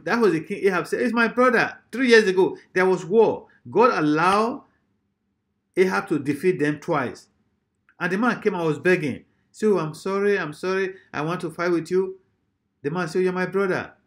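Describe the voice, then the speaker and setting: A man preaching a sermon emphatically, often repeating his phrases and swinging between loud and soft. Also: fairly high pitch.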